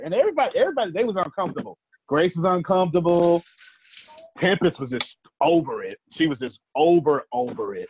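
Animated man teaching over a tinny line. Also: fairly high pitch, fast talker, husky. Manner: animated, colloquial, calls on listeners by name. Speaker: teacher and host. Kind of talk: live teaching talk with storytelling. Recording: tinny phone-like dry line.

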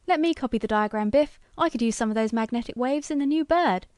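Woman reading a teasing male engineer, higher and louder than the narration. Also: fast, no room sound, clean studio sound, natural voice. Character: jeering male missile engineer.

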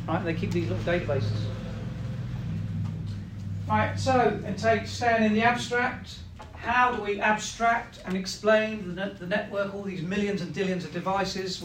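A man's voice: high-pitched, reverberant, noisy background. A man teaching a classroom lesson, explaining step by step, often checking in with "right?" and acting out what machines say. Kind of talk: classroom lecture.

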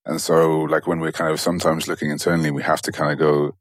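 A man's voice: very deep voice, little pitch movement, fast talker, no echo, studio quality. A man hosting an interview, thinking aloud hesitantly with lots of fillers. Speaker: podcast host. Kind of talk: casual interview chat.

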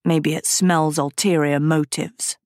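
A gruff, bitter teenage girl who snaps short, grumpy answers, as a woman reader plays her. Slow and flat in a dry, close recording. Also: deep voice, no echo. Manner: gruff, curt. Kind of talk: audiobook character voice.

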